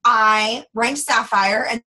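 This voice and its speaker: A woman in her late twenties, a former teacher telling her story in a bubbly, chatty, animated way. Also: fairly high pitch, slow, poor audio. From Texas. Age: 20s. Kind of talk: casual testimonial talk.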